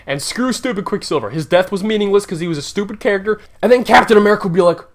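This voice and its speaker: High-voiced man ranting about movies. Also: racing. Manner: blunt, opinionated, ranting; animated, swings up and down in pitch when worked up. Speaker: movie reviewer. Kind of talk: casual opinionated movie countdown.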